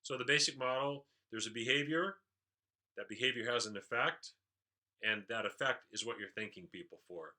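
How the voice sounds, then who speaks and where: A man's voice: medium pitch, normal speed, sharp tone. A man leadership trainer giving an explanatory recap of a training session, with frequent "uh" fillers.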